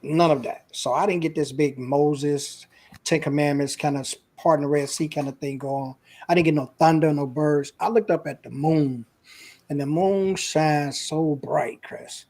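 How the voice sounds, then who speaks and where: A man's voice: fairly high pitch, normal speed, a little mellow. Earnest man telling his story. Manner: earnest, emotional, casual speech with "man" fillers. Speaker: guest. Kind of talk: candid personal storytelling.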